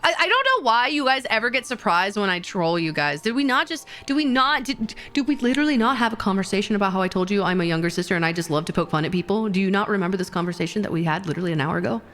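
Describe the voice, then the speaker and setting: A woman's voice: mid-range voice, lively intonation, racing, few pauses, fairly bright tone. A young adult woman chatting casually with her stream viewers, playful and teasing, swearing and laughing often. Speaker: VTuber streamer.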